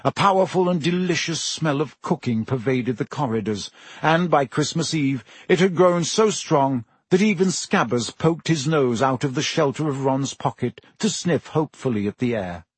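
Male audiobook narrator, slightly raised pitch, husky, dry close studio sound, steady storytelling. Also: dry recording. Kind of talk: scripted narration.

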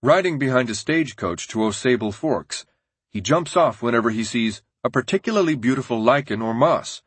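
Husky male audiobook narrator. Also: medium pitch, no room sound. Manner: steady, measured reading.

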